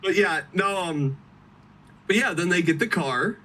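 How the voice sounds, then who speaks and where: Male podcast co-host, high bright voice, swearing storyteller, mic set back. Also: unhurried, far from the mic, low-quality recording. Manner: animated, swearing, laughing storyteller. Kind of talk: excited casual movie chat.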